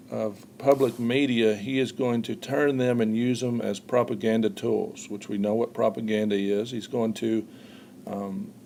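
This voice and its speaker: A man teaching a history lesson in an explaining tone, often pausing with "uh" and repeating words as he goes. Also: medium pitch, creaky, dark tone, a little hiss or hum. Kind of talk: recorded classroom lecture.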